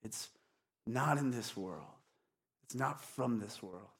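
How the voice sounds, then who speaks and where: A preacher giving voice to a calm, gentle king, a grown man who speaks softly and without haste. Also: medium pitch, moderate pace, creaky, voice pushed down.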